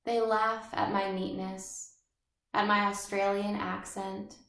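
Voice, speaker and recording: A woman reading the part of a neat, proud, lonely schoolboy in measured literary narration. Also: medium pitch, flat delivery, gravelly, fairly bright tone. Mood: brooding. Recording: roomy echo.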